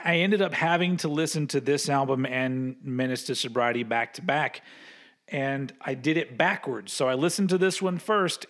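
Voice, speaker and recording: A man co-hosting a podcast in casual chat, rambling and laughing often as he talks, swearing casually. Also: fairly high pitch. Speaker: podcast co-host.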